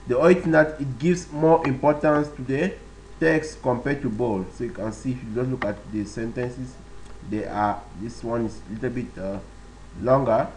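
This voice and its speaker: A man's voice: medium pitch, a little mellow, slight background noise, poor audio. A man teaching web page basics in a screen-recorded tutorial, explaining step by step with many fillers and repeated phrases. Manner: slow, step-by-step, with frequent fillers and repetitions.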